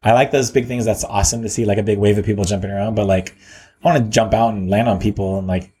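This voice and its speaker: Rambling, laid-back low-voiced man. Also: fairly even intonation, mellow, slightly rough. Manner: rambling, halting, lots of "like" and restarts. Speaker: musician guest. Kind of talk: casual chat.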